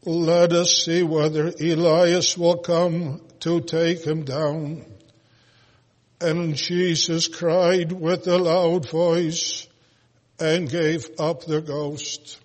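A man reading scripture aloud in a solemn, slow, almost chanted way, with occasional hesitant pauses. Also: fairly high pitch, level tone. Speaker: scripture reader. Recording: long hall reverb.

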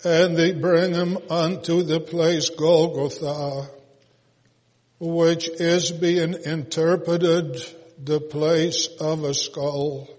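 A man reading scripture aloud in a solemn, slow, almost chanted way, with occasional hesitant pauses. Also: fairly high pitch, little pitch movement, darkish tone. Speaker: scripture reader. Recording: long hall reverb.

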